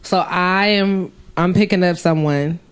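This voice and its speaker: A young woman in her twenties tells a story on a casual chat podcast with lots of energy. She curses freely and jumps into the voices of the people she is quoting. Her voice sits a little low for a woman. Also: a little slow, clear, resonant tone. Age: 20s. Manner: animated, profane, acts out quoted voices. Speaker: podcast co-host.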